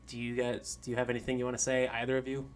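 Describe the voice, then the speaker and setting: A man narrating a tabletop game as game master, pausing often with filler sounds. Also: mid-range voice, completely flat delivery. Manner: halting, lots of "um" pauses.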